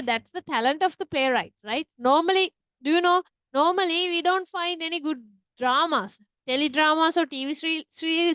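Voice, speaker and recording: A woman's voice: extremely high pitch, a bit bright, no room sound, clean studio sound. A woman teaching an online literature class, chatty and often asking "right?". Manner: chatty, tags sentences with "right?".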